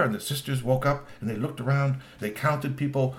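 A man telling a children's story aloud, lively and full of put-on voices. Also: mid-range voice, fairly quick, few pauses.

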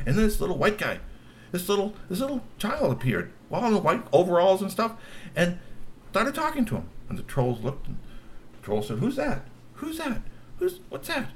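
A man telling a long tale aloud in an animated way, full of exclamations, laughing asides and repeated words. His pitch sits in the middle for a man but swings widely. Faint background noise is heard under his voice. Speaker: storyteller. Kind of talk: animated oral storytelling.

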